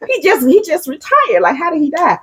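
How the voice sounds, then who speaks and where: A woman co-hosting a casual chat, telling stories with lively acted-out voices and calling her friend "honey.". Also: high voice, fairly quick, raised voice. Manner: animated storyteller, acts out crowd voices, says "honey". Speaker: podcast co-host.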